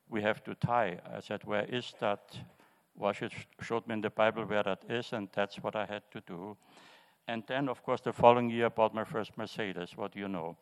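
An older man tells his personal testimony, halting and restarting as he goes. His voice sits fairly low, and the room carries a long echo. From Austria. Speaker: congregation member sharing testimony. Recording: reverberant church hall.

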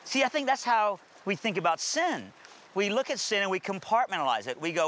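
A man's voice: high-pitched, big pitch swings, a little fast, fairly bright tone. A man telling his conversion story and preaching in an earnest, emphatic storytelling manner. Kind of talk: testimony and sermon.

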